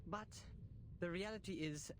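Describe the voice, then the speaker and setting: A pompous, declamatory game character giving a showy eulogy. His voice sits a bit high for a man, theatrical and grand, with a faint rumble underneath. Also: measured pace, fairly bright tone. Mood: grandiose. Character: grandiose male mourner giving a florid eulogy. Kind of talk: game voice acting.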